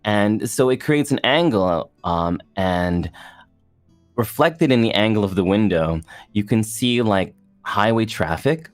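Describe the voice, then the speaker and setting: A man chatting as a guest on a streamed talk show, rambling and halting, with many restarts. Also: on the low side, expressive, faint music behind. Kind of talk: casual chat.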